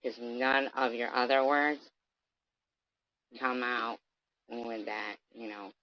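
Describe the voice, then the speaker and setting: A woman's voice: extremely low pitch, little pitch movement, slow pace, lo-fi sound. A woman delivering a confrontational, profane rant straight at someone on her livestream, sometimes mocking them. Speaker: vlogger.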